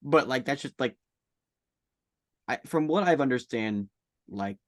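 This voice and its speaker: A man's voice: mid-range voice, animated, a little slow, no echo. A man co-hosting a podcast, chatting casually with dry, teasing quips. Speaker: podcast co-host. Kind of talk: casual chat.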